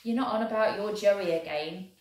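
A woman's voice: medium pitch, normal speed, darkish tone, close to an everyday voice. A woman playing an exasperated blunt soldier. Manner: scolding, blunt. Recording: very echoey room.

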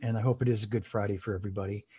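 A man's voice: lowish voice, fairly even intonation, very fast, warm tone, slightly rough. A man hosting a live online chat, introducing his guest enthusiastically with frequent restarts. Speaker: host. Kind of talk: casual interview. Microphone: video call.

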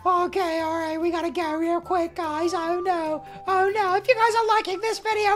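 A man giving excitable gameplay commentary, yelling at what happens in the game. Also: very high-pitched, normal speed, hardly any pauses, music in the background. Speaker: game streamer.

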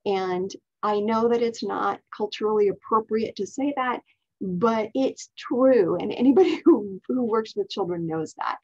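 A woman's voice: medium pitch, a little slow, husky. A middle-aged woman, author of a writing curriculum, explaining how to teach it in a chatty way with frequent ums and restarts. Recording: dull lo-fi recording.

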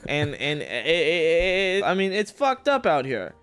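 A man streaming a survival game, chatting casually with a rival, animated and full of cursing and mock-dramatic outbursts. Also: fairly high pitch, a little slow, slight background noise. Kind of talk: casual gaming chat with a rival.

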